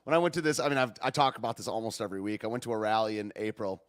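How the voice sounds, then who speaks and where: A man hosting a podcast, chatting in an excitable, rambling way, dropping 'dude' and 'man' and laughing often. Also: lowish voice, rapid-fire, clean tone. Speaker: podcast host. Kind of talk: casual live-stream commentary.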